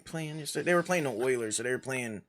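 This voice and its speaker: A man with a bright, medium-pitched voice talks easily on a chat show. He rambles through sports scores and stops to hunt for details. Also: expressive, fast talker, a little hiss or hum. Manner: laid-back, rambling, loses his place. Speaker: sports news presenter. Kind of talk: casual chat.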